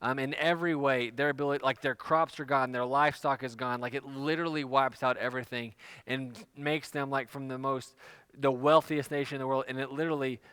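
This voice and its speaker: A man's voice: mid-range voice, fairly even intonation, a little fast, fairly bright tone, clear, resonant tone, no echo. A man preaching a sermon, retelling a scripture story in casual, everyday speech. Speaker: pastor.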